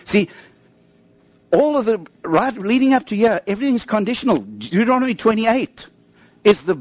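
A man's voice: sing-song, moderate pace, no echo. A man preaching a sermon, telling a story of talking with God and then reading scripture aloud, stressing key words and dropping his voice at the ends of phrases. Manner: emphatic, drops pitch at phrase ends; storytelling, quotes God in dialogue.

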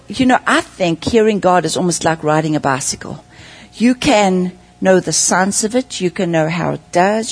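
A woman preaching a sermon, telling stories with lively acted-out voices and spoken prayers. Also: mid-range voice, husky. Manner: animated storytelling, acting out voices and prayers.

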